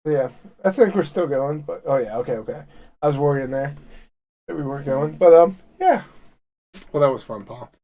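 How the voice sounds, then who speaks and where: A man's voice: a little high, animated, a little fast, long pauses, mellow. Rambling, profane male podcast host. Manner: rambling, heavily profane, enthusiastic. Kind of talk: casual chat.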